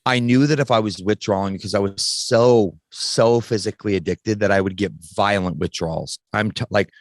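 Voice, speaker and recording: A man in his thirties speaks in a fairly low voice, recorded dry and close with no room sound. He tells a personal story casually and bluntly, with frank swearing and frequent restarts. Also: moderate pace, dry recording. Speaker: podcast guest. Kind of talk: candid personal story in conversation.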